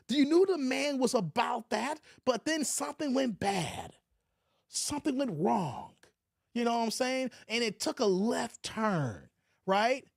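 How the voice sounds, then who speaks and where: A man's voice: extremely high pitch, vocal fry, no echo, studio quality. Man talking to viewers as a reaction vlogger. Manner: keeps addressing viewers as guys. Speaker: commentary vlogger. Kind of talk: reaction commentary.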